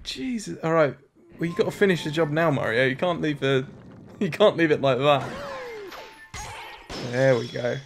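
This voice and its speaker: A young man in his twenties, a gaming host, joking and reacting excitably while he plays. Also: fairly high pitch, normal speed, gravelly, long pauses, a little hiss or hum. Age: 20s. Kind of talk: let's-play commentary.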